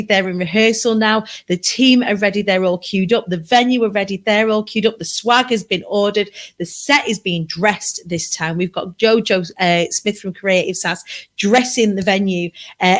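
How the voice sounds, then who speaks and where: A woman from Britain hosting a casual livestream from her sofa, bubbly and chatty with rambling asides. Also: mid-range voice. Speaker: livestream host. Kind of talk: casual live chat. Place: home sofa.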